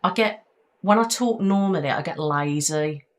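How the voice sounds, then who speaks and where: A young woman with an English Midlands accent, chatting fast and emphatically as a podcast co-host. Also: deep voice. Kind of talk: casual chat.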